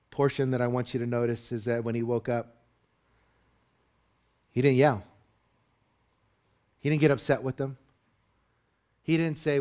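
A man preaching a sermon to his congregation in an earnest, expressive way. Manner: earnest preaching, rising loud and high when dramatizing the disciples. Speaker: pastor.

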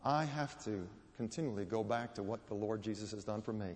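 A man's voice: on the low side, fairly quick, a little mellow. A man preaching a sermon in a church, telling stories and building to emphatic peaks. His voice rings out with a long reverb around it. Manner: storytelling with rising emphasis. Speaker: guest preacher. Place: church or hall.

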